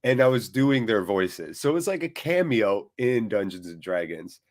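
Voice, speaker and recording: A man's voice: on the low side, very animated, normal speed. A man hosting a live football watchalong stream, chatting casually with viewers in a rambling, jokey way.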